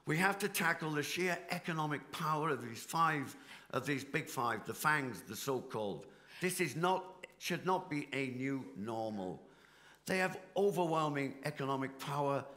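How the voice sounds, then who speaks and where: Middle-aged British union leader, impassioned debate speech, bright edge to the voice. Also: male voice, a little high, animated, normal speed. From Britain. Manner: passionate, rhetorical, builds with repetition. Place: conference hall stage.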